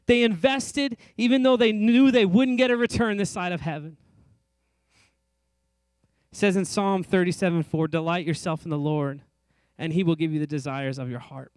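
A man's voice: sits high, steady tone, moderate pace, darkish tone, clear, resonant tone, no echo. A middle-aged man preaching a sermon in a church, earnest and conversational with light self-deprecating asides. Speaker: pastor. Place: church sanctuary.

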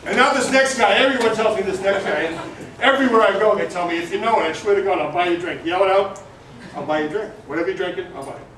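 A man's voice: sits high, fast talker, a little hiss or hum. A male stand-up comedian working a comedy club crowd, brash and profane. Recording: roomy club, distant mic, loud crowd.

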